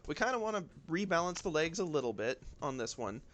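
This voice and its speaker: A man's voice: a little high, quick pace. Easygoing Southern-accented man streaming. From southern United States. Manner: relaxed, rambling, self-talk with many ums and y'alls. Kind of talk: casual live-stream chat while drawing. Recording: faint lo-fi music behind. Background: lo-fi music.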